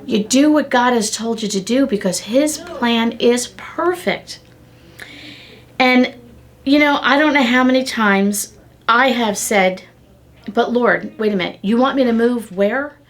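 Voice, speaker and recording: A middle-aged woman hosting a devotional podcast. She teaches in an animated, excited way and acts out little dialogues with God. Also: fairly high pitch, measured pace. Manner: excitable, talks with her hands.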